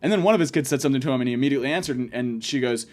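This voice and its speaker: A man's voice: mid-range voice, rapid-fire, darkish tone. A man hosting a comedy podcast, telling stories in a profane, exasperated rant. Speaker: podcast host.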